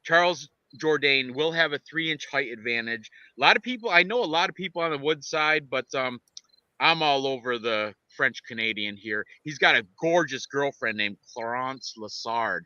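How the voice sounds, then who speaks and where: A man co-hosting a casual fight-picks show, rambling and excitable with lots of restarts. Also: medium pitch, normal speed, dry recording, highs cut off. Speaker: podcast co-host and fight picker.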